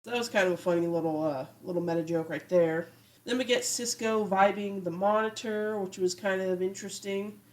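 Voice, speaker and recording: A woman's voice: medium pitch, a little fast, rough recording. A woman hosting a podcast, casually recapping an episode in a chatty, fond way, with lots of "you know" and "like". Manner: chatty, fond, quotes characters in passing; frequent "you know" and "like" fillers. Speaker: podcast host.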